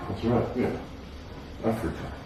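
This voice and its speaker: A man's voice: unhurried, distant mic, very noisy. A young man, co-hosting a casual discussion podcast with laid-back remarks and short interjections. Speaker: co-host. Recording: echoey room, voice away from mic.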